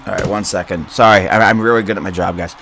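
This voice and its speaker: A young man hosting a casual livestream into a boom-arm mic. He giggles often, rambles, repeats words and mocks himself. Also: steady tone, fast talker, fairly bright tone, a little hiss or hum. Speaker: livestream host.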